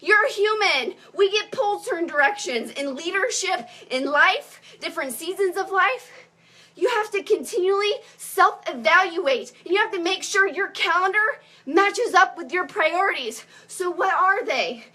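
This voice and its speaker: A woman in her thirties giving an energetic motivational pep talk as a coach on a call. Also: extremely high pitch, moderate pace.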